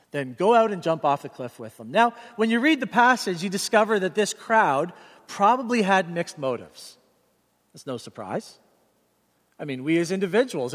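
A middle-aged man preaching a sermon as pastor, earnest and direct, telling stories with animation. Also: a little high. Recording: reverberant hall sound.

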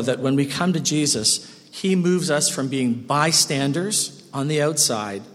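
A man preaching a sermon as pastor, expressive, swinging between loud and quiet. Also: medium pitch. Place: church sanctuary. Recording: long church reverb.

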